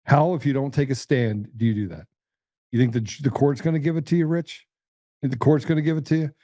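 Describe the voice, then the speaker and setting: A man's voice: mid-range voice, a little fast, warm tone, no room sound, clean studio sound. A man hosting a political talk show, speaking bluntly and combatively, often repeating and restarting his words. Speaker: podcast host.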